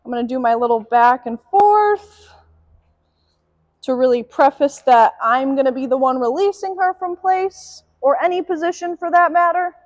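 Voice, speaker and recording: A young woman dog trainer calmly explaining leash and obedience drills during a demonstration. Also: normal speed, no echo. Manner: calm explanatory, sharp high commands to the dog. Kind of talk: instructional dog training demo.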